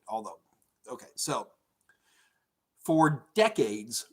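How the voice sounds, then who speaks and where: A middle-aged man teaching IT certification topics in a live-stream Q&A from his home office, energetic and chatty, rambling with plenty of fillers. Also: a little high. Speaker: IT certification instructor.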